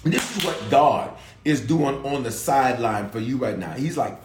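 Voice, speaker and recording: A man's voice: medium pitch, expressive, moderate pace, echoey room, a little hiss or hum. A man preaching a livestreamed sermon, fervent and rousing, calling out to viewers for responses. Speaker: pastor.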